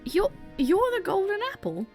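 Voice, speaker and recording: A woman voicing an eager young boy apprentice who is astonished at everything, reading his lines aloud in an excitable, exclaiming way. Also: extremely high pitch, normal speed, faint music behind, pitched above the performer's own voice, full character voice. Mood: amazed.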